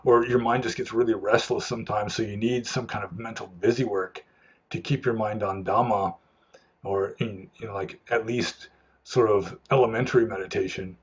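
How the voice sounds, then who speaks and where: A man's voice: lowish voice, breathy edge, dull audio. A man, a monk, answering viewer questions in a loose, rambling way, with many restarts and fillers. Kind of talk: unscripted Q&A talk.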